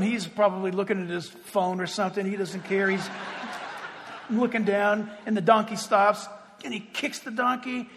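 Man preaching, high-pitched, animated, loud then hushed, long echo of a big church hall. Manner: animated, swinging between loud exclaims and hushed asides. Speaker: pastor. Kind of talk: sermon. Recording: reverberant hall.

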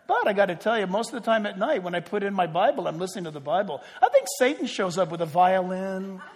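A man with a very high voice preaches a sermon from the pulpit and keeps putting direct questions to his congregation. His voice rings with a long reverb through the church sanctuary. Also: a bit bright. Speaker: pastor.

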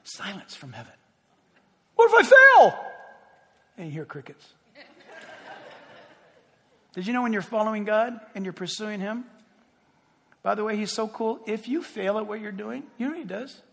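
A man preaching a sermon in an animated, playful way, acting out little dialogues and jokes. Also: high voice, moderate pace, gravelly, long pauses. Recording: long echo of a large hall.

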